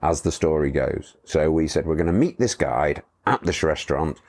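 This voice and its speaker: A man's voice: very deep voice, lively intonation, moderate pace, a little mellow, husky. A middle-aged man, a motorcycle tour company owner, telling rambling anecdotes in a casual interview, chuckling as he goes.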